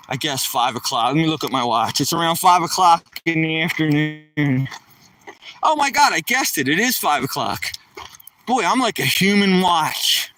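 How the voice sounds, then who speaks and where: A man's voice: a little high, pushed and bright, far from the mic, poor audio. A man live streaming while walking outdoors, chatting nonstop in a hyper, joking way with viewers. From East Coast of the United States. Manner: hyper, talkative, jokey. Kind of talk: casual live-stream chat.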